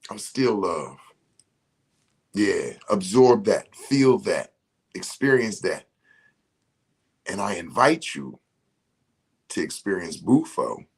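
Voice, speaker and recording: A man's voice: on the low side, sing-song, slow, gravelly, pauses often, breathy edge. A man leading a motivational spiritual talk, preaching emphatically and speaking straight to his listeners as a ceremony facilitator.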